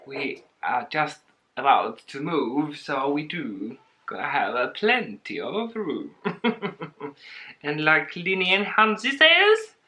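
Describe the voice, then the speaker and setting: A bright, animated woman with a low-set voice opens a package for her vlog. She gushes and giggles as she goes and talks slowly. Her tone is light and eager throughout. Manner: excitable, giggly, gushing. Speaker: plant vlogger. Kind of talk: casual unboxing vlog.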